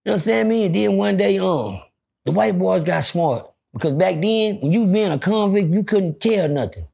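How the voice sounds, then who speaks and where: A man telling a story on a podcast in a casual, animated way, acting out voices and throwing in profane asides. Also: high voice, normal speed, creaky, breathy edge.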